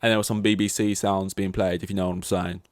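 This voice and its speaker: A man's voice: low voice, level tone, fast, no room sound, clean studio sound. A young man hosting a solo podcast, ranting in a rambling, exasperated way and swearing often. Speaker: podcast host.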